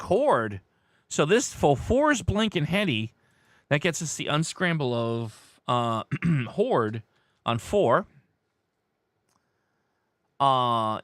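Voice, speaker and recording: A man hosting a live word-game stream, reading out viewers' guesses in an excitable way, his voice worn hoarse. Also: medium pitch, dry recording. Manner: animated, excitable, shouts "No!" at wrong guesses. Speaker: livestream host.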